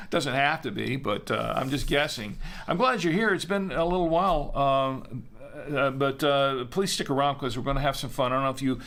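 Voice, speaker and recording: A man's voice: medium pitch, moderate pace, a bit bright. A man hosting a casual live-stream wine show, chatty and self-deprecating, rambling with lots of fillers.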